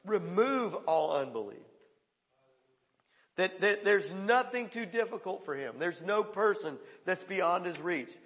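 A male pastor preaching a sermon, swinging between loud calls and hushed quoted lines. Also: high voice, expressive, measured pace, in a large hall.

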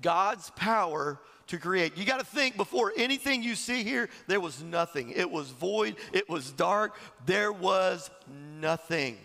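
A man preaches in a high, gravelly voice and tells his stories with lively, chuckling energy. His words ring with the long reverb of a large hall, as in a church sanctuary. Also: a little slow, hardly any pauses. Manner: animated storytelling, chuckling, acting out quotes. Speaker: pastor. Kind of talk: sermon.

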